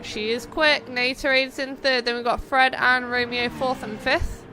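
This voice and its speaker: A young woman hosting and commentating on a sim-racing stream, chatting playfully between race calls and getting excited at close battles. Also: high voice, unhurried, a little hiss or hum.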